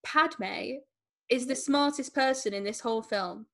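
Woman fan in relaxed chat, slightly high voice, excitable and chatty. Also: measured pace. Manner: excited, laughing often, chatty. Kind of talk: casual chat about a film.

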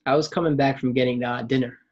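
A man telling a story in a casual chat, animated and acting out what people said. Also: medium pitch, fast, breathy edge. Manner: animated storyteller, acts out quotes, laughs while telling. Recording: dull lo-fi sound.

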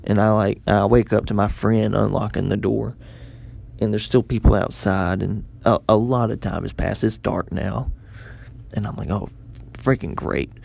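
Gravelly low-voiced young man telling a story. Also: steady tone, moderate pace, a little mellow, dry recording. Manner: self-mocking, rambling with many restarts. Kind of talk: casual storytelling.

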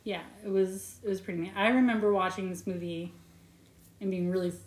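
A woman co-hosting a podcast, retelling a movie in casual, profane chat full of tangents and quick mock voices. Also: mid-range voice, fairly even intonation, echoey room. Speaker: podcast co-host.

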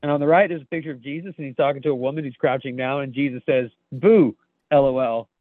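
A man's voice: mid-range voice, fairly even intonation, rapid-fire, no echo. A man co-hosting a podcast, chuckling as he reads out memes in a casual, jokey chat. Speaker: podcast co-host. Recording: tinny phone-like line, dry.

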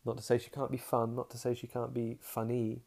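A man's voice: medium pitch, completely flat delivery, brisk, vocal fry, darkish tone. A young man hosting a casual podcast monologue, rambling frankly, trailing off and restarting his sentences. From England. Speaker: podcast host.

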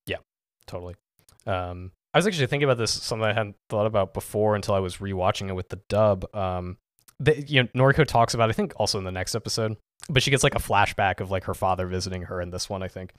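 A man with a lowish voice speaks quickly in a dry, clean studio recording. He's a podcast co-host in casual chat, rambling and full of "like" and "um."

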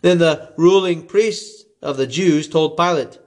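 A man reading scripture aloud in a slow, expressive way. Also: on the high side. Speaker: scripture reader.

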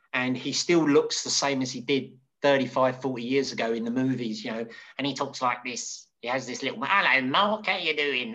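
A middle-aged man recounting his past in a loose, rambling way, full of restarts and fillers. He bursts into higher, louder voices whenever he quotes someone, then drops back to his ordinary middling tone. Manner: animated, acts out quoted voices with sudden high pitch. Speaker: hairdresser, interview guest. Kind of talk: casual storytelling.

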